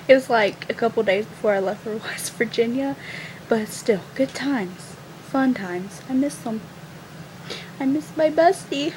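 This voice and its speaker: A woman's voice: fairly high pitch, a little hiss or hum, poor audio. A teenage girl vlogger telling a funny story in a casual, chatty way, giggling and using lots of fillers.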